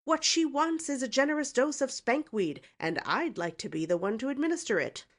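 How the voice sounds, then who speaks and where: Storybook role: a blustering old uncle, loud and huffy, put on by a woman narrator. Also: fairly low pitch, animated, normal speed, vocal fry. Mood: indignant. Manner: snorting, loud, indignant.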